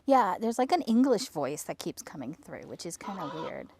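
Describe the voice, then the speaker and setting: A woman's voice: lowish voice, very animated, moderate pace, darkish tone, slight background noise. A woman co-hosting a ghost hunt, chatting casually and with amusement at an outdoor grave site. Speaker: co-host of a ghost hunting vlog. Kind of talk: casual on-location chat.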